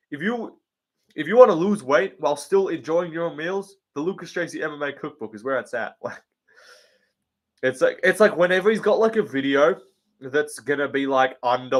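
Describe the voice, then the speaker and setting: Man, casual livestream host, blunt, swears a lot, rambling, lots of ums and likes, medium pitch. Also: a bit bright. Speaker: show host answering viewer questions.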